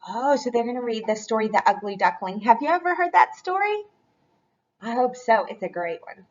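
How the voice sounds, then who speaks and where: A woman's voice: a little high, lively intonation, fairly quick, dull audio. A woman curriculum specialist reading a storybook aloud to children in a cheerful, encouraging lesson. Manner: cheerful, encouraging teacher talk.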